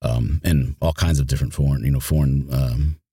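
A man's voice: extremely low pitch, steady tone, brisk, mellow, slightly rough, no room sound, clean studio sound. A man who narrates audiobooks, talking casually in an interview, rambling and restarting his sentences often. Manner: rambling, with many restarts and repeated words.

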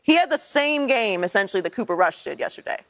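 A woman debating on a sports talk panel in a slightly high voice. She builds her case firmly and works through the statistics. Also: animated, quick pace, fairly bright tone. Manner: firm, lays out stats methodically.

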